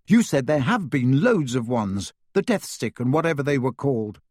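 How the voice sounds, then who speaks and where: A man's voice: mid-range voice, very animated, moderate pace, darkish tone, no room sound, clean studio sound. A man reading aloud voices a blunt, easygoing teenage boy wizard who argues casually. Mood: casual, arguing.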